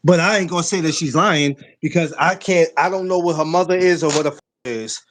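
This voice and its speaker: A man from New York co-hosting a podcast, laid-back and quick to laugh, talking in street slang. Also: a little high, steady tone, a bit bright, a little hiss or hum. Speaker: podcast co-host. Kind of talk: casual chat.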